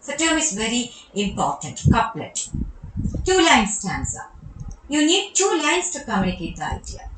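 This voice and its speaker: A woman's voice: fairly high pitch, sing-song, normal speed, reverberant, background noise. Malayali woman teaching poetry terms. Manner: explains step by step, repeats terms, restarts phrases. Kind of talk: recorded online lecture on poetry.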